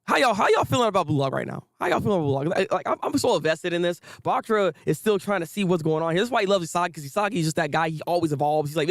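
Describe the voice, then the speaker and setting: Young male host, excitable and slangy, fairly high voice, dry close sound. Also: very fast, hardly any pauses, no room sound. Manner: hyped, slangy, repeats himself, laughs often. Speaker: anime review host. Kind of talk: casual excited commentary.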